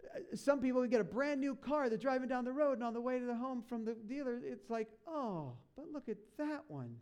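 Mellow-voiced man preaching animatedly. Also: extremely high pitch, steady tone, a little fast, clear, resonant tone. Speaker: pastor. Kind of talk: sermon.

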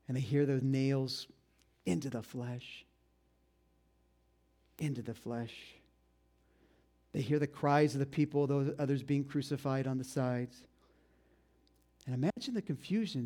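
Man preaching a dramatic story sermon. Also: on the high side. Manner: dramatic retelling, dropping to hushed tones; conversational, with fillers and asides to listeners. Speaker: pastor.

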